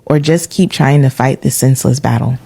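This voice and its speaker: A woman hosting a podcast who reads a listener's letter aloud, adding quick asides and laughing now and then. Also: rumbling low, creaky, warm tone, breathy edge.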